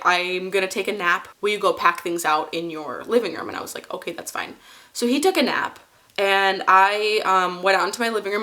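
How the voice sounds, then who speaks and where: A woman's voice: medium pitch, bright, forceful tone. Young woman rambling through a storytime. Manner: rambling, many fillers and restarts. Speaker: vlogger telling a story. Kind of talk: casual storytime.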